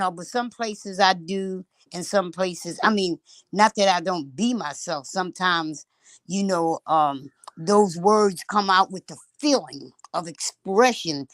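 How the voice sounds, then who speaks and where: A woman's voice: lowish voice, dry recording. Older woman, earthy and plainspoken, very dry close sound, video call guest. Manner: earthy, plainspoken, laughs easily. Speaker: activist guest. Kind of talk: casual call remarks.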